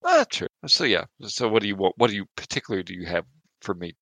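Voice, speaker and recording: A man at a tabletop game who talks in a relaxed, wry way. His voice is gravelly and bright and sounds dry. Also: lowish voice, quick pace, no echo. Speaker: player.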